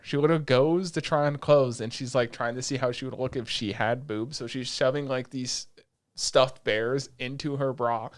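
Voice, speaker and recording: Animated, swearing young male podcast host. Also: medium pitch. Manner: animated, swears freely, quick asides. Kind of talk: casual anime review chat.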